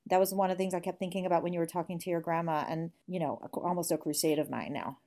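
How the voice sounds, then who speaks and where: A woman's voice: lowish voice, fairly even intonation, racing, dark tone. A woman in her forties, a guest in an interview, speaking in a reflective, candid way with frequent restarts. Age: 40s. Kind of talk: conversational interview.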